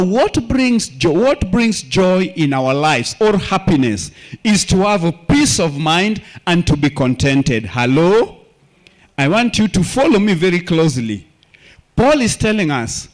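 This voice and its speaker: A man preaching a sermon as a church elder, asking the congregation to finish his sentences and repeating key phrases. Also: sits high. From Kenya. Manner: call-and-response questions, repeats key phrases.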